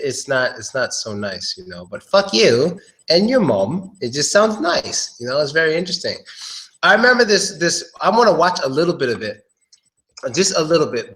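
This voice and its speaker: A man's voice: mid-range voice, lively intonation, fairly quick, a bit bright. A man giving a casual, joking live-stream pronunciation lesson, talking straight to his viewers. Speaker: English pronunciation teacher.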